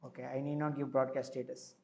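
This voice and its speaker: A man with an Indian accent, hosting a live coding stream, who explains each step as he goes and fills pauses with frequent filler words. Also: mid-range voice, flat delivery, vocal fry, darkish tone.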